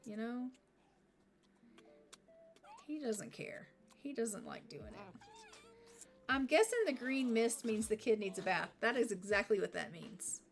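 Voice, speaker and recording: A woman's voice: on the high side, animated, measured pace, gravelly, long pauses, soft background music. A woman streaming a life-sim game, chatting casually with dry, sarcastic asides. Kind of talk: casual gameplay commentary.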